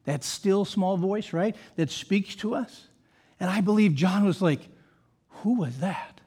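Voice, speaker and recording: High-voiced man preaching a sermon. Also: a little slow, warm tone, husky. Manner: emphatic, rhetorical questions, conversational asides. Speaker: pastor.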